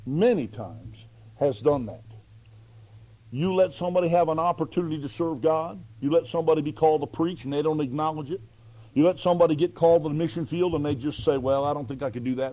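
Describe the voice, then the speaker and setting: High-voiced, emphatic male preacher. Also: dark tone, highs cut off. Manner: emphatic, folksy, rhetorical questions. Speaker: pastor. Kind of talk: sermon.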